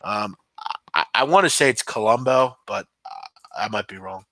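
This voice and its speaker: A podcast host chats casually with viewers on a live stream, answering them in a rambling, hesitant way packed with ums and restarts. His voice sits on the low side, animated and at normal speed, with vocal fry and a pushed, bright quality; there is no echo.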